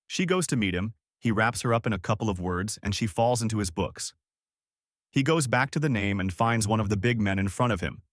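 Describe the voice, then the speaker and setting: Guy narrating a movie recap, lowish voice, dry sound, quotes everyone himself. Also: dry recording. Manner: flat storytelling, quoting characters in his own voice.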